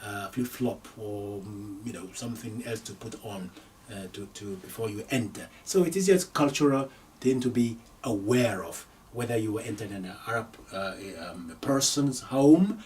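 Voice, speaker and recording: A man teaching an Arabic language lesson, repeating each phrase slowly for learners, with frequent hesitations. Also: fairly low pitch, darkish tone, recorded from a distance. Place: lives in London.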